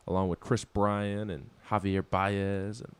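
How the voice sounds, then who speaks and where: Low-voiced man rambling on sports radio. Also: flat delivery, measured pace, clean tone, no echo. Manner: rambling, many restarts, laughs at himself. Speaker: co-host of a sports talk show. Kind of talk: casual sports talk. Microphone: studio microphone.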